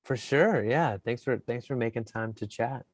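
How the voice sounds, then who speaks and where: A man hosting a podcast in casual chat, animated and playful with lots of fillers. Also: mid-range voice, normal speed, no echo. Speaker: podcast host.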